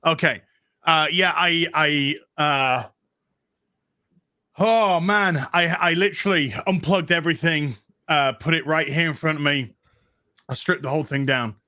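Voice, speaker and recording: Man, bright tense voice, out of breath, rambling chat, dry close sound. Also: fairly high pitch, unhurried, dry recording. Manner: rambling, animated storytelling with many restarts. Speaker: co-host. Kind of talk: casual livestream chat.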